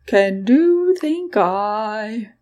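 A woman's voice: on the high side, animated, drawn-out words, a little mellow. Woman doing a sing-song dragon voice. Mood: confident. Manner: sing-song, broken word order. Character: cheerful female dragon, sing-song mind voice.

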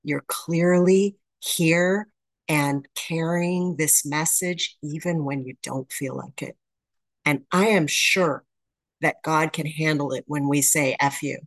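Low-pitched woman, supportive and effusive, dry close sound. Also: steady tone, takes it slowly, no room sound. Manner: warm-hearted, effusive. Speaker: meeting member sharing. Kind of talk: supportive share at a support meeting. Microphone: video call.

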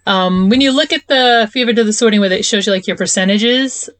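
A woman's voice: mid-range voice, fast, a bit bright, no echo. A middle-aged woman, a podcast guest, chatting casually and telling stories with amusement. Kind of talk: casual chat.

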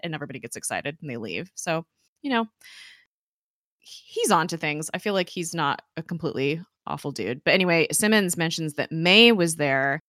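Bright, chatty woman recapping a show. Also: low voice, a little fast, no room sound, studio quality. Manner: chatty, filler-heavy, laughs often. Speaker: podcast co-host. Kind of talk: casual chat recapping a TV episode.

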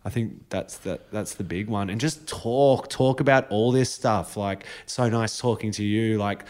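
A man with a fairly low voice, a guest on a podcast. He speaks candidly and chattily and swears casually now and then. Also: normal speed, darkish tone. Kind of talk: casual chat.

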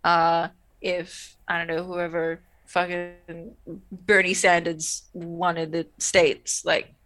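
A woman's voice: lowish voice, flat delivery, slow pace, a bit bright. A woman co-hosting a casual rewatch chat, laughing often, swearing, and acting out characters' lines. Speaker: podcast co-host.

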